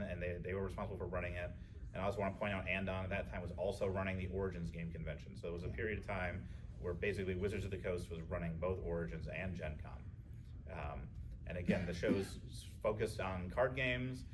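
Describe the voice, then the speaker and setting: A man, a game historian on a convention seminar panel, explaining events in a steady, fact-driven way. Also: deep voice. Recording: distant, tinny, noisy audience recording.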